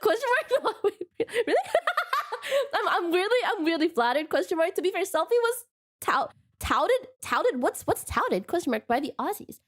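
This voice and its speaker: A bubbly young woman streams live and chats with her viewers. She has a non-native English accent, and her high voice swoops up and down. She giggles through casual banter at a desk mic. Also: very animated, normal speed, fairly bright tone. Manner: bubbly, giggly, says "question mark" as a verbal tic. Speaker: VTuber streamer.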